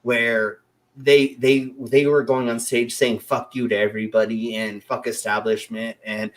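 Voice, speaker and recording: A man's voice: medium pitch, little pitch movement, measured pace. A man in his twenties hosting a casual talk show, telling stories in a rambling way with many fillers and restarts. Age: 20s. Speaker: show host. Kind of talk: casual storytelling chat.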